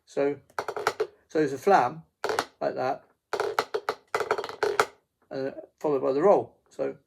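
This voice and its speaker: A man teaching a beginner drum lesson in a halting way, with many fillers and restarts, counting beats aloud. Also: medium pitch, vocal fry. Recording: faint noise with drum pad clicks.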